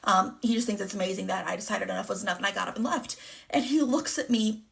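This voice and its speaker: Fast-talking woman with heavy vocal fry. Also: medium pitch, a bit bright. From Chicago area. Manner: candid, rambling, many fillers. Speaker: vlogger. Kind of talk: casual personal storytelling.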